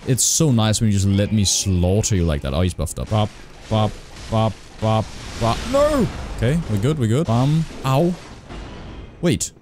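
Young male streamer, low mellow voice, excitable and profane, faint background hum. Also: normal speed. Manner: excitable, swears a lot. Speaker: gaming streamer. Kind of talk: casual gameplay commentary.

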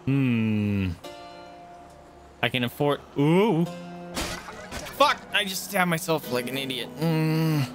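A young man giving let's play commentary, excitable, yelping and swearing as he plays. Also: medium pitch, slow pace. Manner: excitable, yelps and swears while playing. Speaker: gamer. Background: loud game music.

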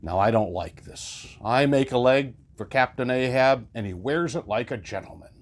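A man voicing a fussy, proud old male ship's carpenter who mutters low complaints. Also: animated, moderate pace, close to an everyday voice. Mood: grumbling.

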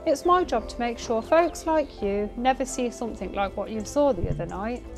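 A woman voicing a stern middle-aged female police officer who delivers slow, earnest, ominous warnings. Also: a little high, animated, over music, voice pushed up.

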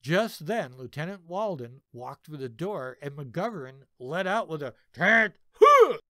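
A man in his seventies, a veteran narrating a personal army story in a slow, expressive way. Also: fairly high pitch, no echo, studio quality. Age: 70s. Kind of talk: reading a personal war story.

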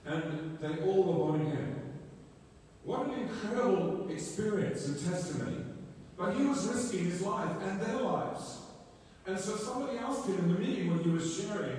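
A man's voice: a little high, moderate pace, darkish tone. A man preaching a sermon, telling stories emphatically with frequent restarts, recorded in a church sanctuary. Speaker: pastor. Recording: echoey hall, distant mic, faint noise.

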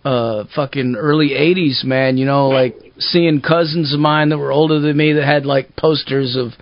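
A man in his forties hosting an interview, chatting in a relaxed and agreeable way and swearing freely. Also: medium pitch, normal speed, no room sound, highs cut off. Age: 40s. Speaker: show host. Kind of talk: casual interview chat.

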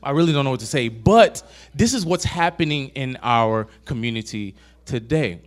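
A man's voice: medium pitch, animated, normal speed. A man preaching a casual, conversational sermon to a young adult group, asking the audience questions and retelling film scenes. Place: church hall.

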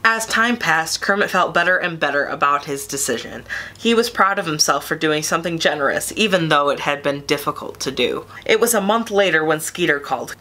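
Woman storyteller, steady children's book reading; bright tone. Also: low-pitched, brisk.

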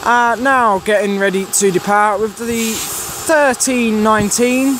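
Vlogging outdoors on a railway station platform, a man casually calls out arriving trains, services and unit numbers, correcting himself as he goes. He speaks slowly in a high voice with fairly even intonation, against loud station noise.

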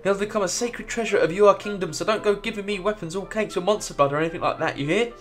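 A man's voice: sits high, fast, faint music behind, close to an everyday voice. A man reading a chatty, touchy little male creature's lines aloud in a raised, chirpy, sarcastic voice. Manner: chirpy, sarcastic, mock-hurt.

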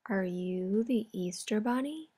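A woman's voice: medium pitch, slow. A woman voicing an eager, curious young boy hare in a storybook. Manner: eager, excited.

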